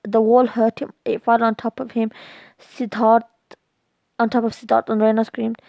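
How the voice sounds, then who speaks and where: A woman reading her own romance story aloud, halting and restarting lines, recorded dull and dry. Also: a little high, flat delivery, gravelly, warm tone, no room sound.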